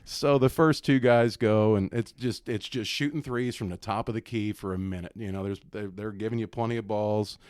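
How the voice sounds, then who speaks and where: A man's voice: on the low side, fairly even intonation, moderate pace, few pauses, a little mellow, clear, resonant tone, dry recording, clean studio sound. A middle-aged man, a former basketball coach, telling stories as a podcast guest, laughing often and acting out other people's lines. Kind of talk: storytelling in casual podcast chat.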